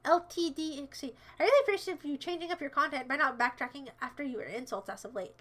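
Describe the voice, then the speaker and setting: A woman's voice: high-pitched, fast. A woman livestreamer chatting casually with her viewers in a playful, rambling way, teasing and mock-defending herself. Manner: bursts into shouted mock-villain commands. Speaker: livestreamer answering chat.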